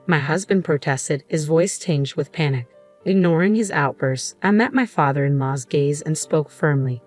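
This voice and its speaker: Woman, story narrator, low pitch, measured reading, faint music bed. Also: a little mellow. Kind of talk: first-person story narration.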